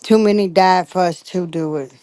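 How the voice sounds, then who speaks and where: A woman's voice: lowish voice, moderate pace, dry recording. Drowsy middle-aged woman calling in from bed. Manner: relaxed, drowsy, laughing easily. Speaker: guest caller. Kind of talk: casual livestream chat. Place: in bed at home.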